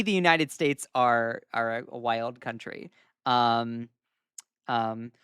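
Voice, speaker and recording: A young man hosting casual live-stream news commentary, chatty and animated as he reacts to viewer comments. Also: on the high side, clear, resonant tone, no echo, clean studio sound.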